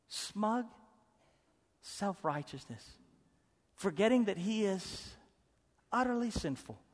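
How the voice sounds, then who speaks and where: A man preaching a sermon as pastor, emphatic and swinging from loud to hushed. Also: high voice. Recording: preaching in a hall with long reverb.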